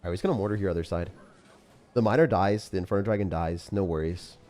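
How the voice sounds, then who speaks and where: A man's voice: low voice, quick pace, dark tone. A young man giving loose, jokey live commentary on his gameplay as a streamer, full of slang and sudden outbursts. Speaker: gaming streamer.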